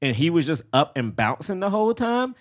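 A man's voice: a little high, sing-song, fairly quick. A young man co-hosting a podcast, chatting casually and animatedly, laughing often. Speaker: podcast co-host. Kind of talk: casual chat.

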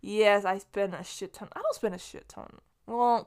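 A woman's voice: mid-range voice, moderate pace. A young woman from Los Angeles hosting her podcast alone, chatting in a rambling, casual way, swearing freely and restarting often. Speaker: podcast host. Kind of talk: casual solo monologue.

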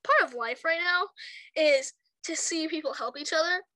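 A woman's voice: high-pitched, normal speed, pushed and bright, dry recording. A young woman in casual chat, rambling and laughing often as she acts out quotes from her stories. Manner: giggly, rambling storyteller who acts out quotes. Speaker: chat partner.

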